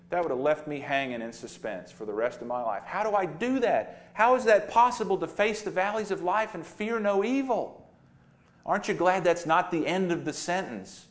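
A male pastor delivers a sermon with lively, dramatic swings. He lifts his voice for emphasis, then drops it back to a softer, storytelling tone. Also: fairly high pitch, normal speed. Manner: animated, dramatic preaching with rising emphasis.

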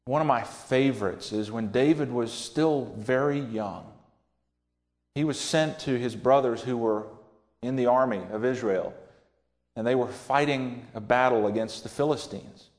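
Animated folksy male preacher. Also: medium pitch, measured pace. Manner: folksy, animated storytelling with acted quotes. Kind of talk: sermon.

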